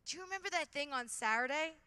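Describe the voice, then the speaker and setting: A jittery young football player who stumbles and repeats his words , as a woman puts him on. His voice sits high and bright, with a long reverb from a big hall. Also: lively intonation, fast talker, heavily acted. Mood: curious. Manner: hesitant, repeats himself. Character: young male football player, nervous and curious.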